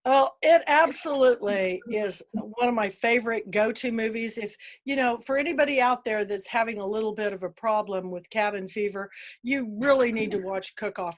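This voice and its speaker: A woman from Kansas hosting an interview, gushing and enthusiastic in casual chat. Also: a little high. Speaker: host.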